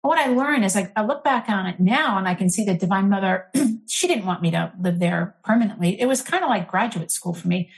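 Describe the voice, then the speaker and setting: A middle-aged woman, an interfaith minister, telling a candid personal story in an earnest, animated way, full of fillers. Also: medium pitch, fairly quick, hardly any pauses.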